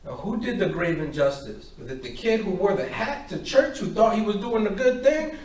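A man's voice: high voice, normal speed. A man giving a faith talk to a parish group, telling stories and acting out each voice in them. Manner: animated, acts out both sides of stories. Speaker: parish speaker. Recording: echoey hall, far from mic.

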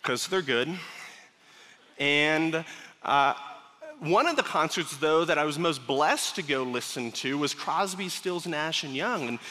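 Man, pastor, sermon, high bright voice, joking asides, long echoing hall. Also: a little slow, a little hiss or hum. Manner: conversational, joking asides to the congregation. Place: large church sanctuary. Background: congregation laughing at times.

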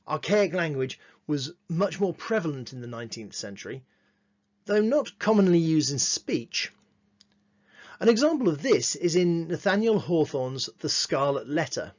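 A man's voice: a little high, lively intonation. Dry-humored man teaching literature. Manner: dry, wry asides between measured readings. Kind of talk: lesson with read-aloud quotations. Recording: dull lo-fi recording.

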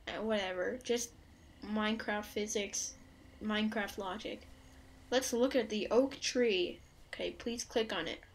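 A woman doing let's play commentary, joking around and breaking into loud startled outbursts. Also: mid-range voice, fairly even intonation, measured pace, a little hiss or hum. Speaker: gaming YouTuber.

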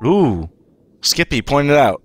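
A man's voice: medium pitch, sing-song, slow. A man chatting casually during game commentary, easily amused and laughing often. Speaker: let's play co-commentator.

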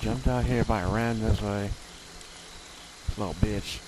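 A man's voice: on the low side, steady tone, measured pace, background noise. A man casually commenting on his gameplay, muttering profane trash talk at other players. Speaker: gamer playing online.

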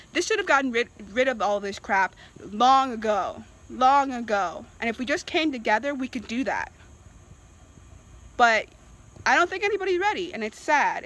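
In a low-quality recording, a Virginia woman vents in her vlog, sounding exasperated and emphatic as she repeats herself for emphasis. It's an impassioned opinion rant delivered in a fairly high, sharp-toned voice.

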